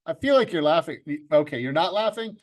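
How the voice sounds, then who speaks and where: A man's voice: fairly high pitch, lively intonation, quick pace. A man teaching a video-editing class over a video call, upbeat and joking, talking to students by name. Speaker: video club instructor. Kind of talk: online class instruction. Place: home room with green screen.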